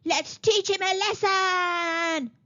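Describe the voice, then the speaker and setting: A woman doing loud angry little ants. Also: very high-pitched, fairly even intonation, slow, voice pushed up, exaggerated voice. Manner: loud and shouting. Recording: slightly dull lo-fi recording.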